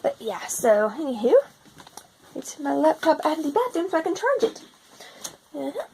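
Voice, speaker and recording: Young woman, American accent, high voice, casual vlog, thinking aloud, phone mic. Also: sing-song, moderate pace, darkish tone, slight background noise, poor audio. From United States. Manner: chatty, thinking aloud, puzzled asides. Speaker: vlogger. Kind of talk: casual vlog narration while browsing a map on a computer. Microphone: phone propped against a laptop.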